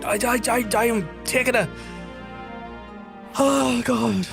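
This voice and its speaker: A man streaming a game, chatting casually to viewers, swearing often and jumping high in pitch when amazed. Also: slow, vocal fry. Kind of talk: casual gaming livestream chat. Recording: faint background music.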